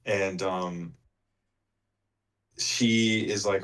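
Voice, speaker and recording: A man's voice: low-pitched, fairly even intonation, measured pace, a bit bright. A man co-hosting a book club podcast, retelling the story in a rambling, casual way with lots of filler words. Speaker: podcast co-host.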